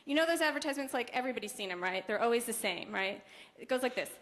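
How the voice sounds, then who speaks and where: A young woman doing a stand-up comedy set with a deadpan, conversational delivery and quick asides to the audience. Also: a little high. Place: comedy club stage. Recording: roomy club recording with noise. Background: audience laughter.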